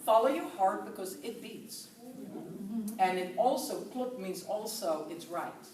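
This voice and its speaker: A woman in her fifties from the southern Netherlands with a Dutch accent, giving a chatty, lively talk to a group and laughing often. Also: medium pitch, a little slow. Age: 50s. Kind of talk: casual talk to an audience. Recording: echoey room, from far off.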